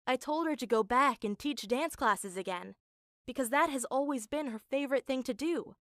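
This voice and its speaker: A woman tells a first-person story in an earnest, emotional voice that sits on the high side. The recording is close and dry, with no room sound. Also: moderate pace, a bit bright, no echo. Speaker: narrator.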